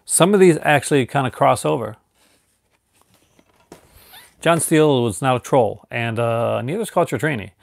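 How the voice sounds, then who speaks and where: A man's voice: mid-range voice, lively intonation, normal speed, vocal fry, long pauses, dry recording. A man from Newfoundland, Canada, chatting casually on a live stream and rambling through restarts and fillers.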